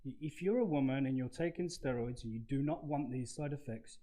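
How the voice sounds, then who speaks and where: A man's voice: medium pitch, a little fast, dark tone. A man, co-hosting a casual podcast chat and giving blunt, sweary tips. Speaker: podcast co-host.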